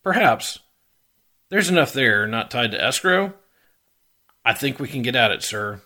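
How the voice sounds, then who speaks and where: Casting: smirking suited official, sly and smooth, voiced by a male reader. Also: mid-range voice, very animated, measured pace, pushed and bright, full character voice.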